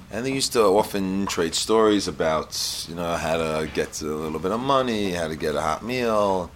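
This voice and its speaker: Man, low voice, storytelling lesson, hebrew quotes with english, faint background noise. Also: a bit bright.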